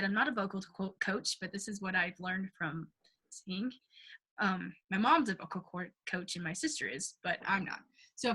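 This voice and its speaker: A woman's voice: medium pitch, pushed and bright, slightly rough. A young woman casually leading a singing class, chatty and giggly, with lots of ums and likes and short sung demonstrations. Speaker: singing workshop leader.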